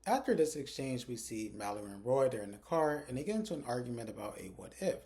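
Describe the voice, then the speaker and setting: A man talks through the plot of a drama episode in a loose, chatty recap. His voice sits at a middle pitch with a dark, mellow tone. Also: big pitch swings. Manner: casual, quick quoting of characters in a loose chatty way. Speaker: recap host. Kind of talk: casual plot recap with acted quotes.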